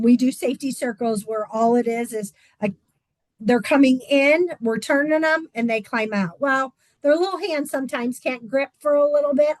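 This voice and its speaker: A woman swim instructor talks casually in a fairly high voice, pausing often with "um" as she explains. The sound is dry and close, with no room echo. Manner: chatty, with frequent "um" fillers. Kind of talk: casual informational talk.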